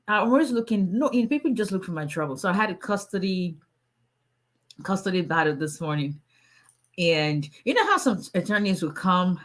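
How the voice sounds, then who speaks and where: A woman's voice: lowish voice, fairly bright tone. A woman, an immigration attorney, chatting playfully and laughing with viewers on a casual livestream.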